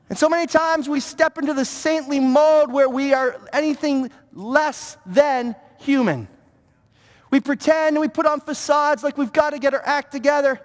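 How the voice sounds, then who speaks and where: Pastor guy preaching, really high voice, keeps tripping over his words, big church reverb. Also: normal speed. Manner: animated, stammering repetitions, mock-pious impressions. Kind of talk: sermon. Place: church sanctuary. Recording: long reverb of a church hall.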